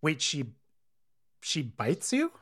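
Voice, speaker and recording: A woman's voice: sits low, wildly swooping pitch, takes it slowly. A woman interviewing a guest, asking curious follow-up questions in a conversational way.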